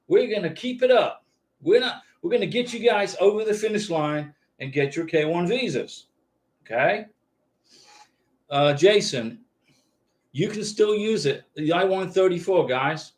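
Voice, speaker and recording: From a lit home YouTube studio, a man hosts a live-stream visa advice chat, answering viewers casually and reassuringly while often checking in with "okay?". His voice sits high, is expressive, and moves a little slowly.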